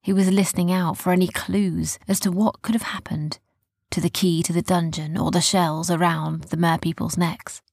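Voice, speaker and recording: A woman narrating a children's story softly, often dropping to a whisper. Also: lowish voice, flat delivery, moderate pace, vocal fry, breathy edge, no room sound, studio quality.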